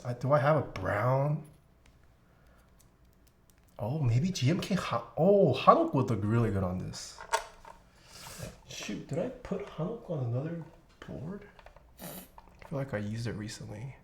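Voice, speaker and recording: Female streamer, casual desk-mic chat, lively pitch, exclamatory and giggly. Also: unhurried, gravelly, pauses often, slight background noise. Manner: animated, exclamatory, laughs often. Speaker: streamer building a keyboard.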